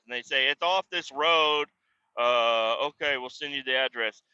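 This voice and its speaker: Man, podcast host, profane rant, exasperated, shouts re-enacted lines, dry dull sound. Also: a little high, no room sound.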